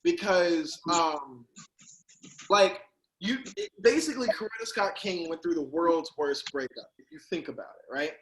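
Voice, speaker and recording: A man doing a stand-up comedy set over a video call, animated and bursting into loud character voices. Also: fairly high pitch, normal speed, slight background noise, rough recording.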